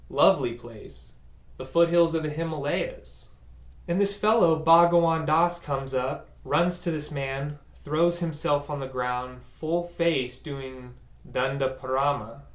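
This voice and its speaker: A man telling a personal story in a conversational, self-mocking way, acting out the voices of the people in it. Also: mid-range voice. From United States. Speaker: speaker recounting a personal story. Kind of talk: first-person storytelling talk. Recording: roomy echo.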